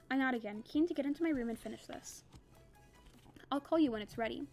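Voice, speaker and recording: A young woman reads a novel aloud, keeping the narration steady and plain. Her voice sits a little high, and she drops into relaxed, chatty asides between passages. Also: fast talker, long pauses, soft background music. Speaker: reader.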